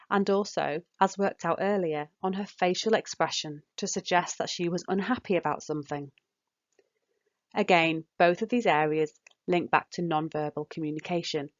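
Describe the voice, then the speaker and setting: A woman calmly narrating practical guidance for parents as a speech and language therapist, in a measured, instructive way. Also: lowish voice. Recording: dull, muffled voice-over.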